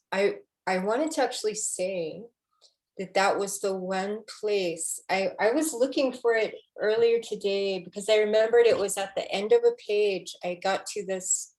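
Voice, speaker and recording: A woman poet in a book conversation, speaking emotionally and haltingly, with many restarts. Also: mid-range voice, darkish tone. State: tearful.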